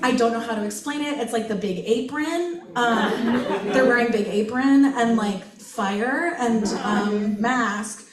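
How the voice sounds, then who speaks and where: A woman's voice: fairly high pitch, unhurried. A woman doing open mic stand-up, telling a rambling story with many fillers and frequent giggles. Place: bookstore event space. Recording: echoey room from far off, with crowd. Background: audience laughter.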